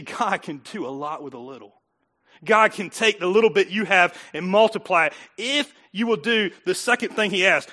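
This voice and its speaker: A middle-aged pastor delivers a sermon in a church with a high, bright voice. He talks conversationally, pushing some lines out loud and dropping others to near-murmured asides. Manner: conversational preaching, swings from loud emphasis to quiet asides.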